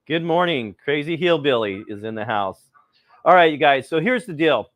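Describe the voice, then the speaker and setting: A man's voice: on the high side, expressive, normal speed, a bit bright, dry recording. A middle-aged man hosting a live cooking stream, rambling casually and greeting viewers by name, a little cold.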